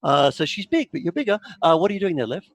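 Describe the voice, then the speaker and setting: A man narrating as game master of a tabletop horror game, animated and full of quick asides. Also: fairly high pitch, dry recording. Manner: animated, lots of fillers and asides.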